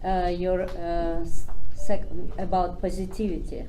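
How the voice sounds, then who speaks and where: Woman in the audience, low and mellow, slow and halting. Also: little pitch movement, slight background noise. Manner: halting, searching for words. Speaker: audience member asking a question.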